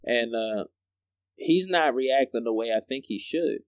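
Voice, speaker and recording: A young man co-hosting a podcast, telling stories in a slangy, animated way and laughing often. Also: medium pitch, measured pace, dry recording. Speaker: podcast co-host. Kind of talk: casual chat.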